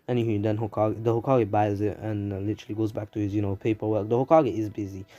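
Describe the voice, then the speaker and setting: A man's voice: lowish voice, steady tone, quick pace, warm tone, highs cut off. A young man with a London accent, casually recapping a story at home, rambling with lots of fillers and restarts. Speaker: YouTube anime channel host. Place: home in a city, traffic sirens outside.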